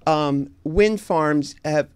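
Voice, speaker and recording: A man in his sixties from San Diego, chatting casually as an interview guest, relaxed and halting with many fillers and restarts. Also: on the high side, smooth, no room sound, clean studio sound. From San Diego, United States.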